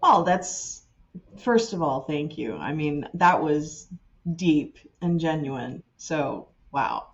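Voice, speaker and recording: A woman hosting a podcast, speaking in a warm, affirming, reflective way. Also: sits low, expressive, takes it slowly, gravelly, dull audio. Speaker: podcast host. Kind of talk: casual conversation.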